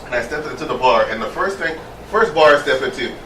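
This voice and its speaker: A gay man chatting casually as a co-host, emphatic and animated as he tells his stories. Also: mid-range voice, fast talker. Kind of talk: casual chat. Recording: roomy sound from a distance with faint noise.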